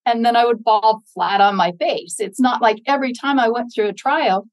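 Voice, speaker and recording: A woman podcast guest, a bereaved mother, telling her story in an earnest, faith-filled way, animated when she quotes others. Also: on the high side, moderate pace, dry recording, poor audio. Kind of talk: interview storytelling.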